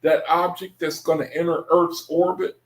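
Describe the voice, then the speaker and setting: A man's voice: fairly high pitch, level tone, moderate pace, echoey room. A man giving an informal Bible study talk in a loose, conversational way, often circling back and repeating himself. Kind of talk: informal scripture teaching monologue.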